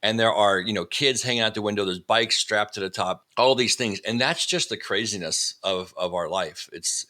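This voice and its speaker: A man's voice: lowish voice, normal speed, hardly any pauses. A man, a vacation rental company owner, telling his story in a casual remote interview and acting out the dialogue as he goes. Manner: animated, acts out quoted dialogue. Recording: remote video call.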